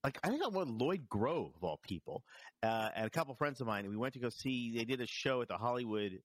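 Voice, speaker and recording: Brief: male podcast co-host, dry sardonic wit, animated intonation, dead-dry close sound. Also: medium pitch, dry recording. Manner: wry, joking, quick comebacks. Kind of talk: casual chat.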